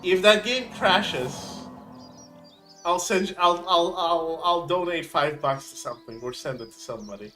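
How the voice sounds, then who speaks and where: A man's voice: fairly high pitch, fairly even intonation, fairly quick, few pauses, sharp tone, soft background music, rough recording. A man hosting a live game stream, rambling and joking with frequent laughter. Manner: goofy, laughing, rambling jokes. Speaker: streamer host. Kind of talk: live gameplay chat.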